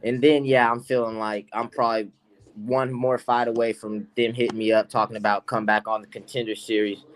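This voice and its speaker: A man's voice: on the low side, flat delivery, a little fast. A man, a guest pro fighter, trash-talking brashly and profanely in a casual podcast chat on a close mic.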